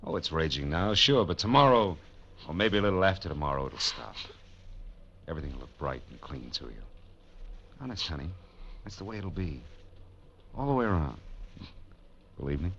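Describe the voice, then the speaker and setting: Philip Marlowe, deep-voiced wry private eye. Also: male voice, animated, fairly quick, sharp tone, a little hiss or hum. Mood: soothing. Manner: dry, wisecracking, soothing to others. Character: hard-boiled male private eye, wry, tough. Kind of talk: 1940s radio drama acting with first-person narration. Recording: lo-fi vintage radio broadcast with music.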